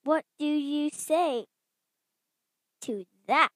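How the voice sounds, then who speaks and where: A woman voicing an excitable, cheerful female pig from a picture book in a slow, eager, sing-song reading. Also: high voice, dry recording. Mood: excited.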